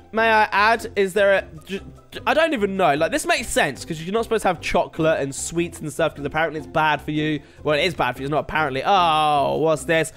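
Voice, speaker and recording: A man's voice: high-pitched, fairly bright tone. A young man chatting casually as he plays through a game, rambling and laughing at himself. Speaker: gaming video host. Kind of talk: casual let's-play commentary.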